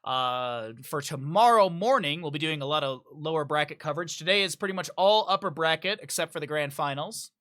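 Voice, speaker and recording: A man's voice: on the high side, expressive, brisk, hardly any pauses, pushed and bright. A man casting a live esports match on stream, chatty and rambling, often stopping to apologize. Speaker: esports caster. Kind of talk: live stream game commentary.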